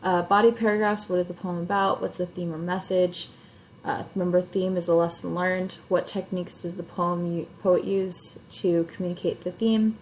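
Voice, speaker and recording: A woman's voice: fairly low pitch, flat delivery, moderate pace, darkish tone, a little hiss or hum, poor audio. Woman teacher explaining an assignment casually. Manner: casual, explaining step by step with many fillers. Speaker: English teacher. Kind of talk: recorded video lesson. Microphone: recording herself on camera at home or in class setup.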